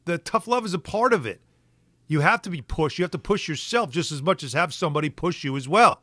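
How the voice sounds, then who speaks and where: A middle-aged man hosting a sports talk show, questioning his co-hosts in an animated way with frequent restarts. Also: on the high side, fairly quick, no echo. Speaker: sports radio host. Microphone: studio microphone.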